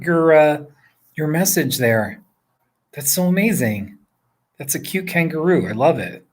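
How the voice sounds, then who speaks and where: A man's voice: fairly high pitch, animated, measured pace, long pauses. A man in his forties from northern New Jersey, chatting casually and rambling with viewers, chuckling often as he answers their questions. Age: 40s. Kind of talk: casual live chat. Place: indoors at home.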